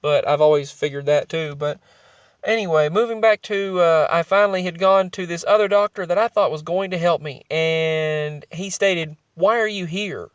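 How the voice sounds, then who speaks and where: A man's voice: fairly high pitch, moderate pace, clear, resonant tone, no echo. A young adult man telling his own story in a vlog, rambling and emotional, often restarting his sentences.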